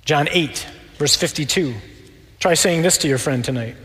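Animated man preaching in an echoing hall. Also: fairly high pitch, moderate pace. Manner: animated, acts out voices of the people in the stories. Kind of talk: sermon.

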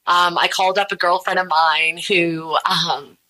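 Candid thirtysomething woman, bright voice, rambling stories, does little voices for the people she quotes. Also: on the low side, steady tone, unhurried, low-quality recording. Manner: unfiltered, chatty, acts out quoted voices. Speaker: guest, podcast host. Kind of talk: candid conversational storytelling.

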